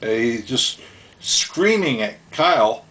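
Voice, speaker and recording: A man's voice: mid-range voice, sing-song, slow, bright, forceful tone. A middle-aged man casually telling stories from his youth at home, rambling and chuckling as he acts out voices. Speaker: storyteller. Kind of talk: casual storytelling.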